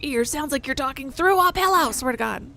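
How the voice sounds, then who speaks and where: A woman voicing a gruff, half-deaf male tunnel digger who shouts and cusses. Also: high-pitched, animated, brisk, slight background noise, heavily acted. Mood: shouting. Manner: shouts, rough and cussing.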